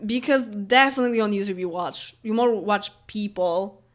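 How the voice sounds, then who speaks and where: Casually answering comments from viewers, a Polish YouTuber in her late twenties meanders along with lots of fillers and relaxed laughter. She has a Polish accent and a mid-range voice at a normal speed.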